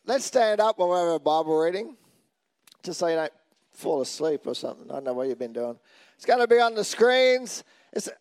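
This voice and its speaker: A man preaching a sermon in a chatty, joking way, asking the congregation questions as he goes. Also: high voice. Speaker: pastor.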